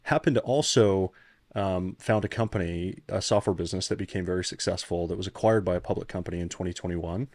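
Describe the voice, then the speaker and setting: Earnest man in his thirties, low voice. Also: darkish tone, no room sound. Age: 30s. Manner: earnest, reflective, restarts often when moved. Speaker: podcast guest, founder turned CEO coach. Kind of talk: personal storytelling in a podcast conversation.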